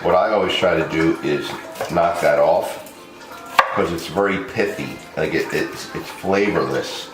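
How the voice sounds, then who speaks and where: A very low-pitched man chats his way through a home cooking demo, easygoing and quick to laugh. His voice bounces around a reverberant kitchen while music plays clearly behind him. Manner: chatty and loose, laughs often, talks to camera crew. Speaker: home cook vlog host. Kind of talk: casual cooking demonstration.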